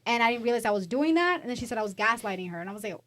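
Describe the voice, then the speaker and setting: A woman's voice: fairly high pitch, expressive, rapid-fire, fairly bright tone. A middle-aged woman co-hosting a podcast, talking in a rambling, casual way with lots of "like"s. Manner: rambling, filler-heavy, with many "like"s. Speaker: podcast co-host. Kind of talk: casual chat.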